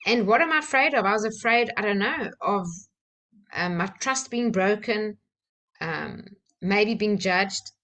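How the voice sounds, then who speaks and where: A woman's voice: on the high side, lively intonation, a little slow. Candid woman telling a personal story. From South Africa. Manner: open, candid, with soft laughs and fillers. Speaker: trainer sharing a personal story.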